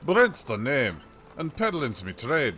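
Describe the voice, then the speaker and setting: A man's voice: mid-range voice, wildly swooping pitch, takes it slowly, pushed and bright, a little hiss or hum, exaggerated voice. A man voicing a chatty old male peddler with a put-on rustic accent and a folksy, rambling way of talking. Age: older. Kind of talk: reading game dialogue aloud on a livestream.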